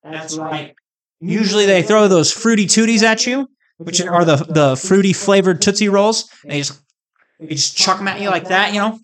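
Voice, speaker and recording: A man's voice: high voice, moderate pace, crowd noise. A fired-up man from the States rants to camera in a loose, comedic vlog. He rambles from one thing to the next, tosses in crude jokes, and keeps himself jazzed up the whole way through. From United States. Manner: hyped, rambling and jokey, with crude asides. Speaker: vlogger. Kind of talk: casual comedic rant to camera.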